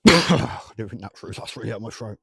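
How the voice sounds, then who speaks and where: A man's voice: lowish voice, expressive, a little fast, vocal fry, a bit bright, husky, dry recording. Joking man with a sore throat. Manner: rambling, joking, greeting viewers by name. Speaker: ghost-hunting livestream host. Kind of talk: live-stream chat to viewers. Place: outdoors at night by old railway tracks.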